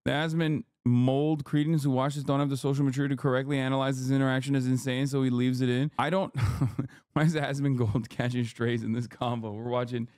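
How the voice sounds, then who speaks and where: A man's voice: medium pitch, steady tone, brisk, a little mellow, no room sound, studio quality. A man in his thirties giving casual, sarcastic and profane live commentary while reacting to a video as a streamer.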